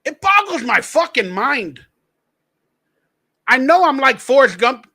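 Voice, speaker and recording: A man's voice: very high voice, big pitch swings, takes it slowly, long pauses, bright, forceful tone. A man hosting his own podcast, ranting in blunt, profane, mocking commentary. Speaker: podcast host.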